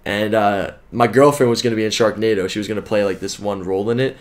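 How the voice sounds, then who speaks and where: Fast-talking man, chatty guest. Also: fairly low pitch, fairly even intonation. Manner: chatty, eager storyteller, says dude and like often. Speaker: podcast guest, pro gamer. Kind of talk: casual chat.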